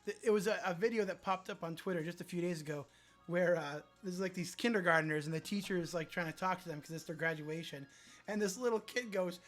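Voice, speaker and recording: Low-key man reading chat comments. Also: a little fast, soft background music. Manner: low-key, dry, reads comments aloud and reacts. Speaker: livestream host.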